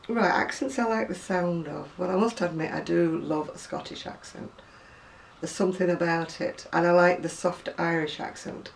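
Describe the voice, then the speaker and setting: A woman in her sixties, originally from Oldham in Lancashire with an accent softened by living near Manchester, records a chatty video reply as a home video blogger. Her voice is on the low side, and she rambles, adds asides and corrects herself while reading a word list aloud. There's slight background noise, and she's a little way from the microphone.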